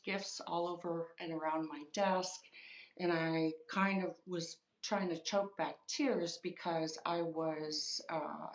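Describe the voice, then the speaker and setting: A woman's voice: fairly low pitch, echoey room, lo-fi sound. A woman recounting a personal story in an interview, with many fillers and quoted dialogue. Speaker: guest.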